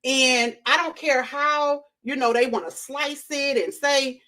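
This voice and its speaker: A woman hosting a casual live-stream, talking straight to her chat in an animated way and repeating her points for emphasis. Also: sits high, a little slow. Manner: animated, repeats herself, addresses chat directly. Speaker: livestream host.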